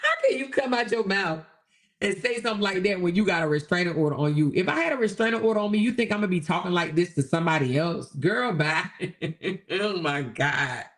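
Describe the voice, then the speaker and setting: A woman hosting a casual livestream commentary, animated and exclamatory, talking straight to her viewers and reading their comments aloud. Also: fairly low pitch, a little fast.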